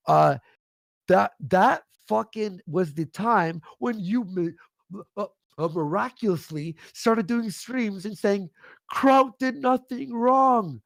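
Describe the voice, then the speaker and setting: A man with a high, gravelly voice rants in fury on a livestream, cursing and hurling insults. He sits close to the mic, and the sound is dry and close. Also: takes it slowly, no echo. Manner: angry, profane, shouting insults. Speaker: livestream guest. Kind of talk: heated livestream rant.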